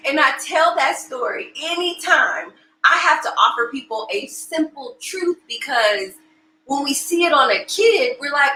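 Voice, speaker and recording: A middle-aged woman giving a motivational talk, telling a family story and acting out the voices with big jumps in pitch. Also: lively intonation, moderate pace, pushed and bright. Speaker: motivational speaker. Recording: echoey hall with faint noise.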